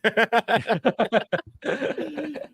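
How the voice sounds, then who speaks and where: A man hosting a casual podcast, laughing often and swearing freely while he acts out scenes in quick put-on voices. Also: very high-pitched, animated, a bit bright, slightly rough, dry recording, studio quality. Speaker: podcast host. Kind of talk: casual chat.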